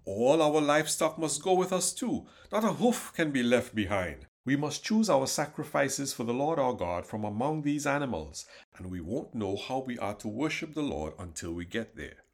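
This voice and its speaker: A determined prophet insists on his demands, voiced by a man reading aloud. The delivery is firm with a lively, rising and falling pitch. It sounds like a scripture story read aloud. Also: moderate pace, hardly any pauses. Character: determined male prophet, older leader.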